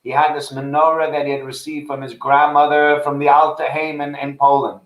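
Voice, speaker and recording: A man's voice: fairly high pitch, little pitch movement, a little fast. Chatty storytelling man in an echoey room. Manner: chatty storyteller, acts out quoted voices. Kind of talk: casual chat about faith.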